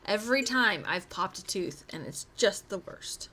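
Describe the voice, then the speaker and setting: A woman's voice: mid-range voice, lively intonation, normal speed, few pauses, sharp tone, slight background noise. A young adult woman streaming a game live, chatting in a giggly, rambling way full of silly asides. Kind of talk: casual live-stream chat while gaming.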